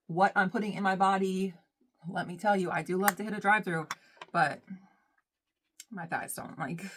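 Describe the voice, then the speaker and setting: A woman's voice: medium pitch, fairly bright tone. A young woman chatting casually and rambling while she does her makeup, saying "y'all" a lot. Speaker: beauty vlogger.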